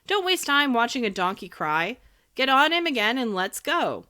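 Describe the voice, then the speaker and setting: A woman doing a sly, flattering little coachman. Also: a little high, normal speed, voice pushed up. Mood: coaxing.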